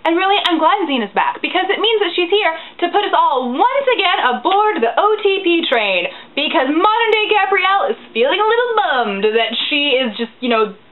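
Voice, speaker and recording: A woman casually recapping a TV episode, gushing and animated, sometimes dropping into a whisper. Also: very high voice, moderate pace, hardly any pauses. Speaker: recap podcast host. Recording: tinny phone-like audio.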